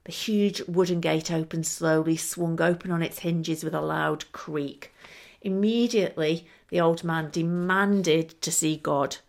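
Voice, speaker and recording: Woman telling a story on her podcast, lively, lowish voice. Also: unhurried, vocal fry. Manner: lively, expressive, laughing between lines. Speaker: storyteller and show host.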